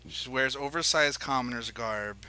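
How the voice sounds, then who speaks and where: A man's voice: mid-range voice, normal speed, bright, forceful tone, clear, resonant tone. A man narrating a tabletop game as game master, in loose, descriptive narration.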